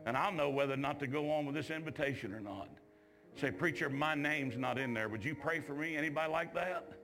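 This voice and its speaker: Gravelly preacher telling a story. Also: male voice, a little high, brisk, soft background music. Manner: shouts climaxes, drawls folksy asides. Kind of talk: revival sermon storytelling. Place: church.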